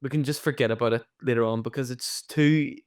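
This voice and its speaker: A man co-hosts a casual podcast chat. His voice is mid-pitched, clean and smooth, and he talks in an animated way, swearing freely. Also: brisk. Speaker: podcast co-host.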